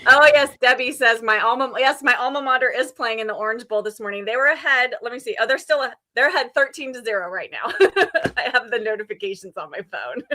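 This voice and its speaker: A woman's voice: a little high, a little fast, bright, forceful tone. A woman hosting a livestream readalong, chatting casually and laughing often. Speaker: livestream host. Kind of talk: casual chat.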